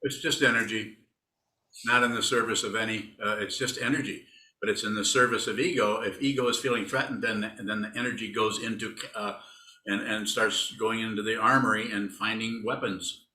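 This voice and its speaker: Teasing Buddhist teacher, bright voice, echoey room. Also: male voice, fairly low pitch, steady tone, fairly quick. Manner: rambling, teasing, conversational. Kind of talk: dharma talk answering students.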